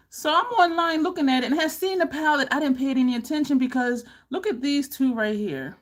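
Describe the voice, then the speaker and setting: A woman beauty vlogger chatting to camera, animated and laughing often, with high exclaimed reactions. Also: fairly quick, hardly any pauses. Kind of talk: casual chat to camera.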